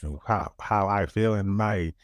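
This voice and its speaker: A man's voice: fairly low pitch, normal speed, no echo, studio quality. A man co-hosting a podcast in a laid-back, joking way, often restarting his words. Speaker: podcast co-host. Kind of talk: casual chat.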